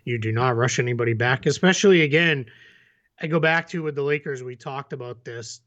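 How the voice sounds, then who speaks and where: A man's voice: mid-range voice, fairly quick, fairly bright tone, muffled recording. A man co-hosting a sports podcast, talking casually with many fillers and restarts. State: has the hiccups. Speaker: podcast co-host.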